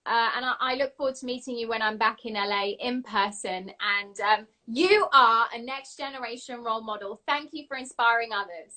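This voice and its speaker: A British woman hosts a live online interview, her voice high and bright. She talks in an upbeat, encouraging way, chatting easily with her guest. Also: a little fast, few pauses. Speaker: show host.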